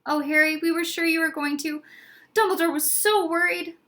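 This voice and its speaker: A woman doing Hermione, an excitable schoolgirl. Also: very high voice, voice pushed up. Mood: excited. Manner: excited, rushed. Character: excitable, anxious clever schoolgirl.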